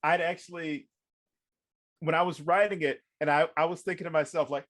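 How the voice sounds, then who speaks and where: A man, a guest author on a podcast, telling stories in a casual, animated way, laughing often and acting out what people said. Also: a little high, a little fast. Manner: animated, profane, acts out quoted dialogue.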